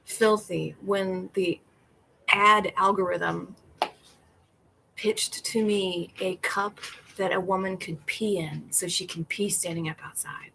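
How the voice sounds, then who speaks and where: A woman's voice: medium pitch, steady tone, takes it slowly, vocal fry, pushed and bright. Brief: rambling, laughing woman hosting a livestream outdoors, with faint noise behind her. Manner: chatty, rambling, laughs often. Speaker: livestream host. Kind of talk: casual livestream chat.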